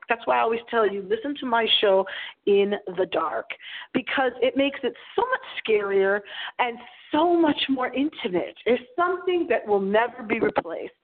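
A woman in her forties hosting a paranormal radio show, speaking into a small microphone with a dramatic storytelling delivery. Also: a little high. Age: 40s. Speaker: radio host. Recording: tinny phone-like audio.

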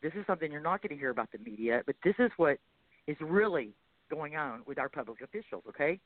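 A man's voice: a little high, animated, fast, no room sound. A radio show host, a man, talks in a rambling, chatty way with many fillers and apologies. He is short of breath while chatting and reading a long post aloud. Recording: tinny dry phone line.

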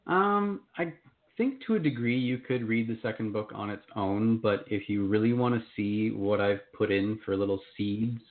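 A man with a somewhat low voice talks about his work in an upbeat, easygoing way. The sound comes through a thin, phone-like line. His delivery is relaxed and casual. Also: normal speed. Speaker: author, interview guest. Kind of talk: casual interview chat.

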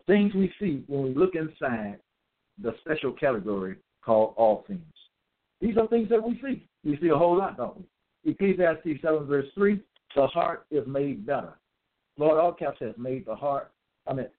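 A man preaching alone, reading scripture aloud and remarking on each verse. He repeats phrases and keeps asking "okay?". His voice comes through thin and tinny, as if over a phone line. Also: medium pitch. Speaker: self-styled preacher. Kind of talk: solo religious monologue reading scripture.

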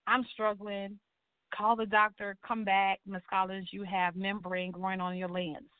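A middle-aged woman, telling her life story as a talk show guest in an animated way, acting out voices and crying out to the Lord. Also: mid-range voice, measured pace, clear, resonant tone, no room sound. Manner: animated storytelling, acts out quotes, churchy exclamations. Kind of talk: personal testimony in a talk show. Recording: tinny phone-line sound.

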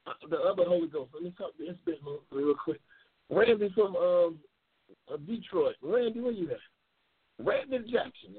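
A man hosting a loose call-in talk show, excitable and profane, yelling and laughing at his callers. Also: sits high, breathy edge. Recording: tinny phone-like audio.

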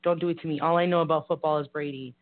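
A woman's voice: low voice, steady tone, racing. A woman with a Boston-area Massachusetts accent co-hosting a casual live talk show, rambling, frank and giggly. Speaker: co-host. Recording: tinny phone-like audio.

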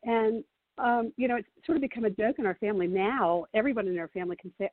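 A woman's voice: on the high side, fast talker, no echo. A middle-aged woman, a parent coach, chatting as a guest and telling stories expressively. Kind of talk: casual interview chat. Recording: dry, tinny phone line.

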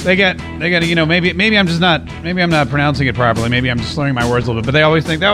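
A man's voice: fairly high pitch, racing, hardly any pauses, bright, forceful tone, faint music behind. A man hosting his own show, chatting casually and rambling to viewers, often restarting his sentences. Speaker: show host. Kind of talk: casual live-stream chat.

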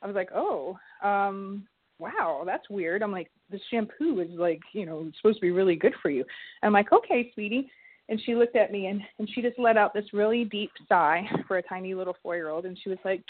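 Lively middle-aged woman on a tinny line. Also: medium pitch, fairly quick. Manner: lively, animated storyteller, acts out quoted voices. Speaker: guest, holistic health coach. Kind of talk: storytelling in a casual interview.

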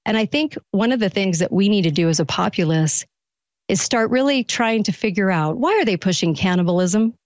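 A woman's voice: mid-range voice, animated, a little fast, no echo, muffled recording. A woman guest-hosting a political talk radio show, firing off one incredulous rhetorical question after another.

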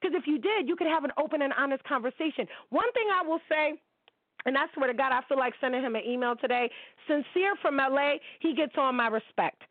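A woman's voice: sits high, animated, a little fast, dry recording. A woman in her forties from the United States, hosting her own show and delivering a blunt, profane rant that calls people out. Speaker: podcast host. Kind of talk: ranting commentary monologue. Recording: tinny phone-like sound.

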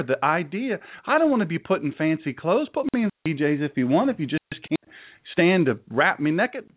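A man's voice: fairly high pitch, big pitch swings, normal speed, narrow, tinny audio. A man preaching a sermon to a live audience, folksy and joking, rambling through stories between laughs. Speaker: pastor.

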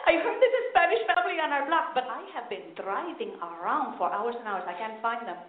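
A woman playing a Puerto Rican-accented mother, emphatic, Spanish-sprinkled English, high voice, phone-like sound. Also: sing-song, a little fast. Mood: excited. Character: excitable Puerto Rican mother, middle-aged. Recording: echoey tinny live recording with noise.

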